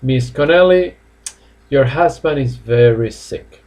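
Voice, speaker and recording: A man's voice: medium pitch, slow, a little mellow, close to an everyday voice. A man reading as a serious doctor.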